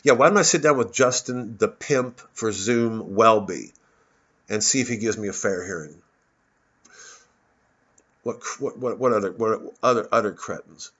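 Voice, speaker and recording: Outdoors and smoking a cigarette, a man rants angrily at his phone camera, which is propped on a bottle. He swears and stammers over repeated words in a casual rant. His voice sits on the low side with a fairly bright tone, and the audio is dull.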